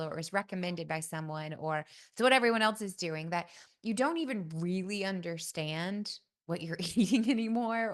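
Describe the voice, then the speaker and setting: A woman's voice: mid-range voice, a bit bright. A middle-aged woman hosting a podcast, telling a personal story in a casual, folksy way and often saying "y'all". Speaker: podcast host.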